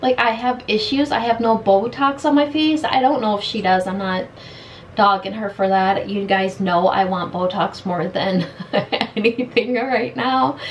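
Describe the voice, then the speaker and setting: A woman's voice: mid-range voice, steady tone, measured pace, slight background noise, rough recording. A woman in her late thirties doing a casual makeup review at home in her bedroom, talking frustrated and blunt. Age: late 30s. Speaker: beauty vlogger.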